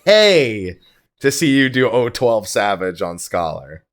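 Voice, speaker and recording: A man's voice: on the low side, big pitch swings, slow. A man hosting a casual gaming podcast, teasing his cohosts and laughing often. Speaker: podcast host.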